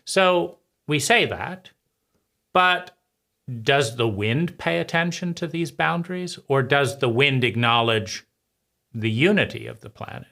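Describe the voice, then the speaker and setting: Man, reflective monologue, very slow pace, bright forward tone, pauses between phrases. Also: mid-range voice, lively intonation, creaky. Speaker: channel host.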